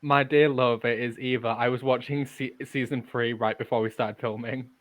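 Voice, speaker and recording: Male podcast co-host, chatty and playful in casual talk, mid-pitched. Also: fairly even intonation, fairly bright tone. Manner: chatty, playful, quick to correct others. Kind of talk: casual chat.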